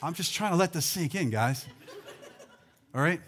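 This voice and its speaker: This is a male pastor with a high voice, preaching a sermon in a church sanctuary. He is animated and calls on his congregation, and his delivery swings from loud to soft. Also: moderate pace, noisy background. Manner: animated preaching with call-and-response and swings in loudness.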